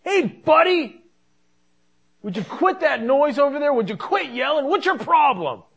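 A man's voice: very high-pitched, sing-song, unhurried, a bit bright, dull audio, voice pushed up, exaggerated voice. A preacher voicing an irritated man who snaps at a noisy stranger. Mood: annoyed.

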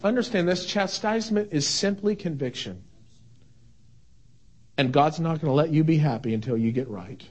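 A man with a notably high voice delivers a sermon as a pastor. He drops to a hushed near-whisper, then climbs to fervent, shouted declarations, hammering key words through repetition. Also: expressive, normal speed, pauses often. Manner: emphatic, repeats key words. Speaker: father of young sons.

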